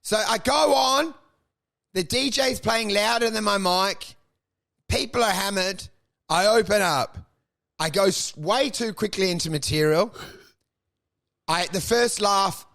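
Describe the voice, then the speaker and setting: A young man with a high, bright voice tells a crude story in a casual podcast chat, ranting and swearing as he goes. His pitch leaps around constantly, and a gravelly fry creeps into the low ends of his phrases. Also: measured pace. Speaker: stand-up comedian and podcast co-host.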